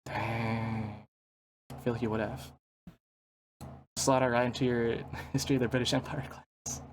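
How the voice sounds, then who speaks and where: A man's voice: medium pitch, level tone, noisy background. A man co-hosting a casual podcast, teasing dryly and laughing easily. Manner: wry, teasing, quick to laugh. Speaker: podcast co-host. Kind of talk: casual chat.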